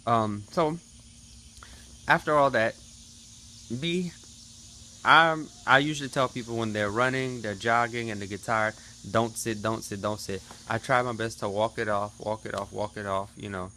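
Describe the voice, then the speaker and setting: A man's voice: mid-range voice, steady tone, normal speed, sharp tone, slight background noise. Chatty thirty-year-old man vlogging. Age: 30s. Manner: chatty, talks straight to viewers. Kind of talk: casual vlog recap.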